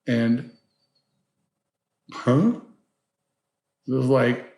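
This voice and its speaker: A man in his seventies, a filmmaker guest telling his life story in an interview, rambling and animated with many asides. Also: mid-range voice, unhurried, pauses often, roomy sound. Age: 70s.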